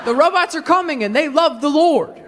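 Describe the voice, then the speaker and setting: A young adult woman performing a stand-up comedy set, animated, slipping into quick voices for the people in her stories. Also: sits high, a little hiss or hum. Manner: animated, slips into quick voices for friends, babies and her dad. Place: live comedy venue with audience.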